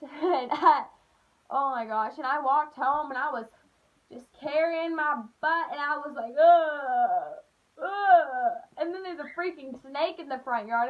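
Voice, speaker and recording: A young woman telling a childhood story on her vlog, animated and full of "like", acting out the voices. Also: sits high. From Appalachian United States. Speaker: vlogger. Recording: dull lo-fi recording.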